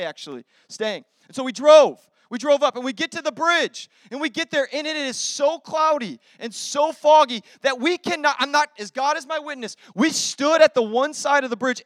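Male pastor preaching, high voice, dry close sound, animated storyteller who swings between loud and hushed. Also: dry recording. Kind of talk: sermon.

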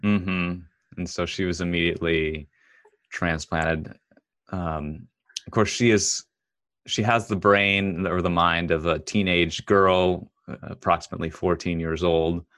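A man talking casually about a movie in a measured, thoughtful way, pausing with fillers as he searches for words. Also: sits low, steady tone, fairly bright tone, dry recording, clean studio sound. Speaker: co-host discussing a film. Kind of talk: casual film discussion.

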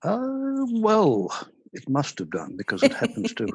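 An older man, a retired army officer speaking as a podcast guest, explaining in a measured, storytelling way. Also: high-pitched, huge pitch swings, a little mellow, breathy edge, no echo, poor audio. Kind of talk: podcast interview.

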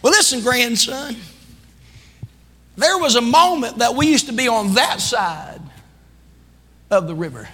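A male pastor preaches with a bright, forceful edge and a slightly husky grain, calling out to his congregation. His delivery swells into fervent shouting. His voice rings through the long reverb of a church sanctuary. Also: high-pitched. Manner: impassioned preaching that builds to shouting; calls out to the congregation. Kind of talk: sermon.

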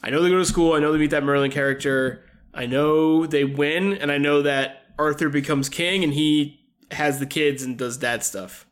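Higher-voiced, hesitant male co-host. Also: fairly even intonation, moderate pace. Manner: hesitant, lots of "like" and trailing off. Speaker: podcast co-host. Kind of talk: casual chat.

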